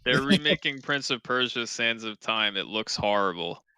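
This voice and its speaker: Bright-toned, smooth male co-host, emphatic and profane, close dry mic, casual gaming banter. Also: medium pitch, expressive, moderate pace, no echo, low-quality recording. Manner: emphatic, swears often, argumentative. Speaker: podcast co-host.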